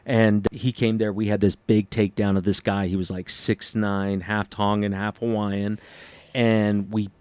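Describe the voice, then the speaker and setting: A man hosting a casual podcast chat, telling stories in an animated way and acting out other people's lines. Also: lowish voice, a little slow, clean tone, no echo. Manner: animated storyteller who acts out quotes. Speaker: podcast host.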